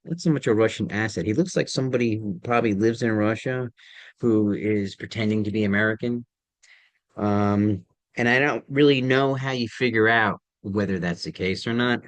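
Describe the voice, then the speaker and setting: A tired man talking casually to camera, halting, with many ums and restarts. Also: on the low side, no room sound. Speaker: vlogger.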